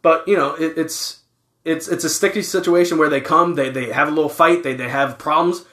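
A man's voice: fairly high pitch, steady tone, brisk, a bit bright, echoey room. A man co-hosting a casual chat, telling rambling, profane stories.

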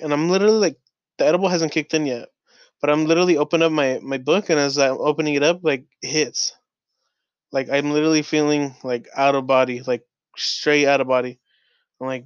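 Young man, podcast host, rambling, filler-heavy, swears a lot, smooth voice, dull lo-fi recording. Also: medium pitch, steady tone, brisk, no echo. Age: young adult. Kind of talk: casual storytelling monologue.

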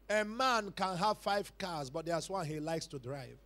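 A male pastor preaching a sermon to a church congregation, dropping to hushed lines and rising to loud shouted calls, repeating phrases for emphasis. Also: fairly high pitch, expressive, measured pace, hardly any pauses. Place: church service.

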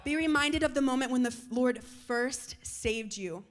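A young woman preaching a sermon to students, moving between loud calls and soft, hushed lines. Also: high-pitched, normal speed. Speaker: youth speaker.

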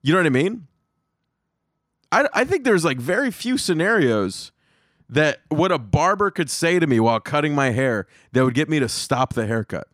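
A male comedian hosting his own podcast, rambling through profane stories. His pitch runs a bit high and jumps about a lot, and he sounds close and dry. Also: normal speed, no room sound. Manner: profane, rambling, animated storytelling. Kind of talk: casual comedic monologue.

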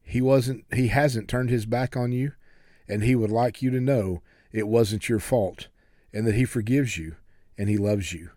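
A man voicing a humble man of faith who speaks quietly and plainly with a slight drawl. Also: medium pitch, a little slow, no echo, studio quality, natural voice. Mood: calm.

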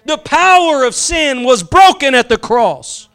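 A man preaching a sermon with passion, building slowly with emphasis and dropping into soft asides. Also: very high-pitched, expressive. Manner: impassioned, swings between slow emphatic build-ups and soft asides.

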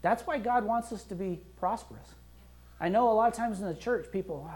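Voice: mid-range voice, fairly quick, darkish tone. A pastor preaching a sermon in a conversational, emphatic way, acting out prayers and quotes as he goes. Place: church.

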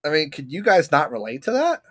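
A podcast co-host in loose, casual chat, telling stories with plenty of laughter. The voice swoops across a wide, lively pitch range and sits at a middle height. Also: fairly quick. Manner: animated storyteller, laughs often.

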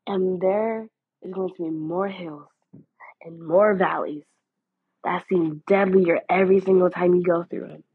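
A podcast host delivers an earnest devotional talk in a relaxed, preachy style packed with fillers. Her voice is fairly low, steady, and unhurried with a breathy edge, and the audio is lo-fi and phone-like.

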